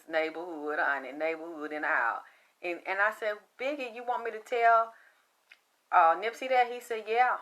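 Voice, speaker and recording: A woman from the American South with a flat Southern accent, hosting a casual spiritual reading in a chatty, profane, rambling way. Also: on the low side. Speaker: spiritual medium host.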